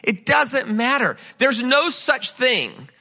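A man with an extremely high voice preaches slowly as a guest speaker in a church sanctuary. His sermon is lively and conversational, full of rhetorical questions aimed at the congregation.

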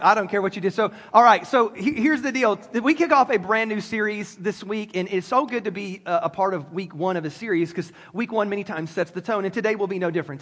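A man's voice: sits high, a bit bright, big-room sound. A man preaching a sermon, joking with the congregation and talking straight to them. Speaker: pastor. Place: church sanctuary.

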